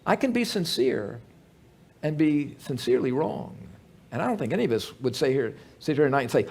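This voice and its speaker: A man's voice: a little high, big pitch swings, normal speed, vocal fry, darkish tone, husky. A man preaching a sermon as pastor at an evening church service, conversational and joking, full of rhetorical questions.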